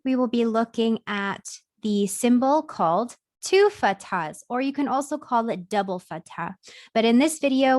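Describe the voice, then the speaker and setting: A woman teacher giving a recorded reading lesson, sounding out letters one by one in a clear, deliberate way. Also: a little high, a little mellow, no room sound, studio quality.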